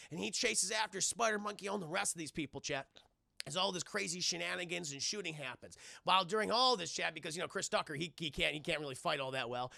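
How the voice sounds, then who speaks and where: A man hosts a live stream, recapping a film in a casual, profane ramble and calling out to his chat again and again. His voice sits high with heavy gravel and a bright, forceful edge, recorded dry and close. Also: fast, no echo. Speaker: streamer host.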